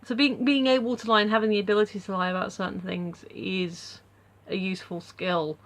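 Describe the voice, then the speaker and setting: A woman's voice: medium pitch, little pitch movement, a little fast, a bit bright. A woman talking casually to camera at home in a vlog, rambling through her thoughts with lots of fillers and restarts. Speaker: vlogger.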